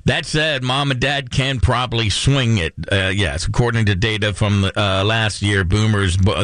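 A man's voice: fairly low pitch, a bit bright, no room sound. A middle-aged man hosting a radio show, talking casually in a chatty, rambling way with lots of fillers. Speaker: radio host.

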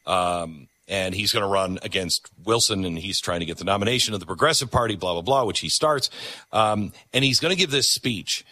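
A man hosting a conversation, telling a story in an animated way. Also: low voice, fairly quick. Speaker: host. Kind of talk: casual conversation.

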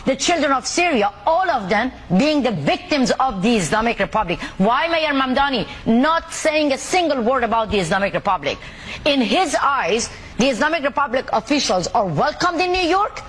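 A woman activist from Iran, speaking forcefully and indignantly as a news interview guest. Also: high voice, slight background noise. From Middle East, Iran.

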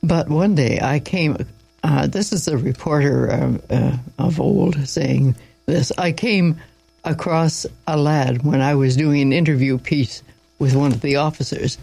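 A man reads a Bible story aloud in a loose, informal manner, stumbling now and then and correcting himself. His voice is a bit high for a man, with a gravelly edge. The sound is dry and close, with faint music underneath. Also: measured pace, darkish tone, no echo, poor audio. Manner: informal, with slips and asides.

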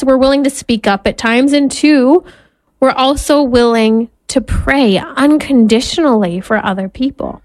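A woman in her thirties, a Catholic mother, telling a candid personal story in an earnest way and laughing at herself now and then. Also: high-pitched. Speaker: Catholic mother and podcast host.

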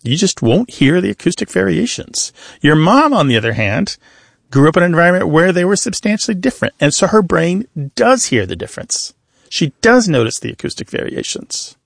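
A man's voice: high-pitched, very animated, fairly quick, vocal fry, no echo, studio quality. A man co-hosting a call-in radio show, explaining language to callers patiently and with examples. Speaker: radio show co-host, linguist.

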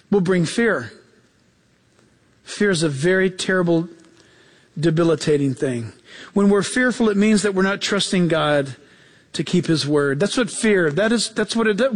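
A man preaching a sermon as pastor, telling stories in an animated way and acting out the quotes, repeating key phrases for emphasis. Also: in a large hall. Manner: animated storytelling, acts out quotes with jumps in pitch.

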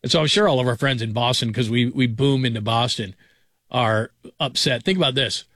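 A man's voice: medium pitch, brisk, fairly bright tone, no room sound, studio quality. A man hosting a late-night sports radio talk show in a rambling, conversational way, with chuckling asides. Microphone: studio broadcast mic.

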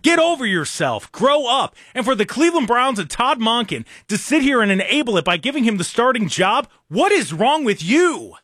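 A man's voice: extremely high pitch, sing-song, moderate pace, hardly any pauses, pushed and bright, dry recording, studio quality. A young adult man, hosting a sports talk show and ranting in an exasperated, emphatic way. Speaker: sports talk radio host.

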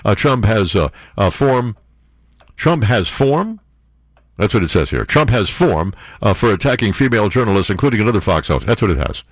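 Man, casual news commentary, sarcastic asides, lively swinging pitch, dry close sound. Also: fast talker, hardly any pauses, no room sound. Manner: sarcastic, jokey asides, frequent fillers; swings between mock outrage and mutters. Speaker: commentary host. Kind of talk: casual political commentary, reading news aloud.

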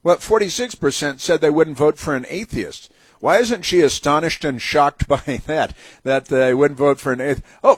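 A man's voice: mid-range voice, no room sound. A man hosting a talk radio show, delivering a sarcastic, mocking monologue full of fillers and restarts.

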